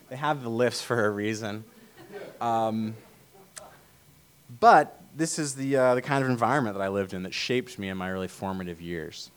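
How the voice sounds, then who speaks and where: A man from Vermont giving a casual sermon talk to a church meeting, telling stories in a relaxed way with many fillers. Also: lowish voice, clean tone. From Vermont, USA. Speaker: church speaker.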